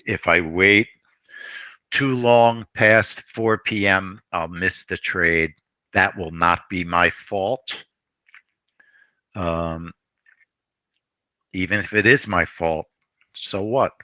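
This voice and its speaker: Slow, deep-voiced man coaching traders. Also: sharp tone, dry recording. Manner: rambling, repeats phrases, frequent throat clearing. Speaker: trading stream host. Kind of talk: live trading commentary.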